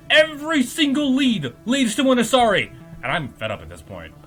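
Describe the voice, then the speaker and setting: A man's voice: extremely high pitch, huge pitch swings, unhurried, a bit bright, faint music behind. A man hosting a podcast, giving a comedic, profane recap of a game plot and laughing often. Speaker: podcast host.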